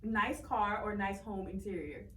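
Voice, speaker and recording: A woman hosts a relaxed interview with an upbeat, playful manner and ready laughter. Her voice sits at a middle pitch and carries a roomy echo, a little distant from the mic. A faint hiss runs under it. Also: a little slow. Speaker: interviewer host. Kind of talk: casual interview chat.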